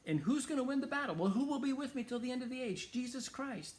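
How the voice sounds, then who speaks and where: Man, talk host, high-pitched, emphatic, earnest, Christian commentary. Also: lively intonation, fast talker. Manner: earnest, emphatic, thinks aloud.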